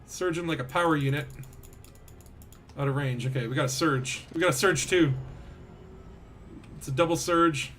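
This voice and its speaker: A young man giving animated gameplay commentary as a streamer, yelling when things get exciting. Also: a little high, moderate pace, long pauses, slight background noise. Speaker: game streamer.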